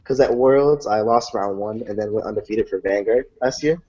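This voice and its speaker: A young man tells card game stories in casual chat. He talks in an animated way, swears freely and acts out the lines other people said. The recording sounds dull and lo-fi. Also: on the low side, moderate pace. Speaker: card game player recounting matches.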